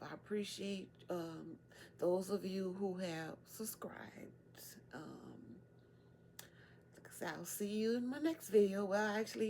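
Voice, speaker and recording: A woman's voice: medium pitch, a little mellow, a little hiss or hum. A middle-aged woman talking candidly and wearily in her own video diary. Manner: weary, candid. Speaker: vlogger.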